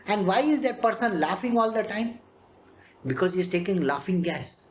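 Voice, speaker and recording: Spiritual teacher, scripture talk, very expressive pitch, mid-pitched voice. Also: moderate pace. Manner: animated, acts out characters, laughs often. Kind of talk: scripture discourse.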